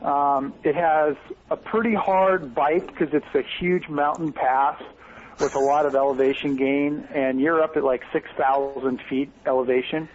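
An enthusiastic man from Oregon chats casually as a podcast guest, his voice sitting a little high. The sound is somewhat muffled, with a faint hiss of noise behind him. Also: fairly even intonation, unhurried. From Bend, Oregon. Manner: upbeat, enthusiastic. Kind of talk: casual chat.

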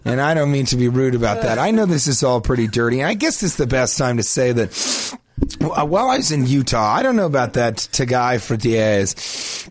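A man hosting a comedy podcast, telling crude, absurd stories in a deadpan, rambling way. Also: medium pitch, no room sound.

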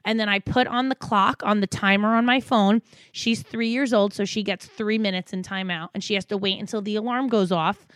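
Blunt, foul-mouthed young mom chatting. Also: female voice, medium pitch, fairly even intonation, brisk, fairly bright tone, smooth, no echo, studio quality. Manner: blunt, swears freely, acts out quotes. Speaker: podcast co-host, mother. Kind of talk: casual chat.

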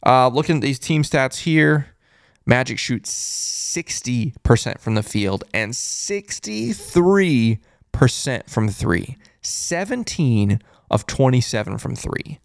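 Lively gravelly man recapping a game. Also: mid-range voice, takes it slowly, dry recording, clean studio sound. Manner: chatty, repeats exclamations, thinks aloud while reading stats. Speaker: host of a fan postgame show. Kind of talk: casual live-stream sports recap.

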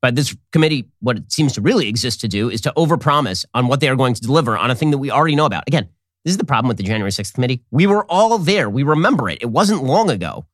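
A man hosting a political commentary show, delivering a sarcastic, animated monologue into a studio mic. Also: medium pitch, racing, dry recording. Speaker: host.

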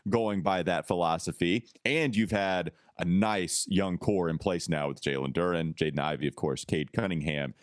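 A man's voice: low-pitched, no room sound, clean studio sound. A man co-hosting a sports podcast, talking casually and animatedly and laughing easily. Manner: animated, quick to laugh, reads reports aloud. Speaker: podcast co-host.

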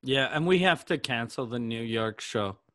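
A man's voice: medium pitch, animated, normal speed, fairly bright tone, no room sound, clean studio sound. Profane, rambling man on a podcast. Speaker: comedian podcast host. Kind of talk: casual podcast chat.

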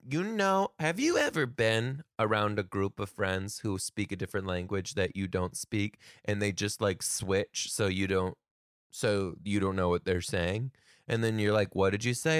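A man and comedian telling a story casually to camera, animated, laughing often and swearing freely. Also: lowish voice, no room sound, studio quality.

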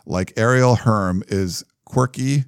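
Lowish guy on a sports pod reading stuff out, dry close mic, kinda offhand. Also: takes it slowly, clear, resonant tone, no echo. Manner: reads jokey comparisons aloud with fillers and laughs. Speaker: podcast co-host. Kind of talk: casual sports podcast chat.

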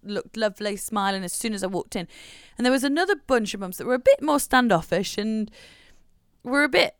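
A woman's voice: on the high side, animated, fairly quick, smooth, dry recording, clean studio sound. A young woman from England, co-hosting a podcast, telling stories in casual chat and acting out what people said, laughing often. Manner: chatty storyteller, laughs often, acts out quotes. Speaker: podcast co-host.

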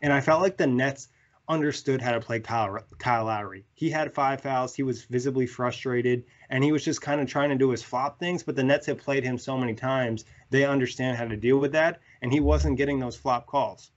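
A man's voice: medium pitch, steady tone, a little fast. A man chatting casually on a sports podcast, rambling with lots of "like" fillers. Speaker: podcast co-host. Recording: slightly dull lo-fi audio.

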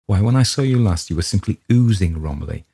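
A man's voice: deep voice, animated, quick pace, creaky, warm tone, breathy edge, pitched above the performer's own voice, full character voice. A man voicing a blunt, earnest woman who scolds a literary friend, speaking pointedly. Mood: exasperated.

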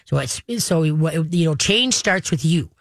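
A woman's voice: deep voice, a little slow, dry recording. A woman hosting a radio show as a dog trainer, giving step-by-step coaching, often checking in with "okay" and "all right". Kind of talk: instructive radio advice.

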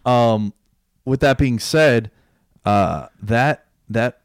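A young man hosting a casual podcast, telling sports stories with excitement and plenty of swearing. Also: mid-range voice, very slow, clear, resonant tone, no room sound, clean studio sound. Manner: excitable storyteller, swears freely. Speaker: podcast host. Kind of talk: casual chat.

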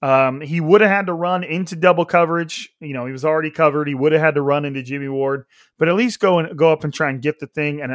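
Male sports podcast host, slightly high-pitched, conversational game recap, dry studio sound. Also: no room sound. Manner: conversational, with frequent restarts and fillers. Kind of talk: casual sports analysis.

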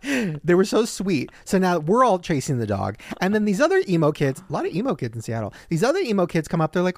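A man co-hosting a podcast, telling a story in casual chat and jumping into high, excited quoted voices. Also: fast talker, no echo, clean studio sound. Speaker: podcast co-host.

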